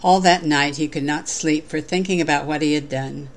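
Woman with a low voice reading a tale aloud at a service, measured and clear. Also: steady tone. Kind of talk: storytelling and readings in a sermon.

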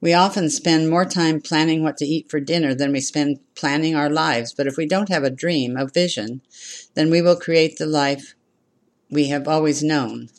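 A minister delivering a sermon in a measured way, repeating phrases and inviting the congregation to respond. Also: mid-range voice.

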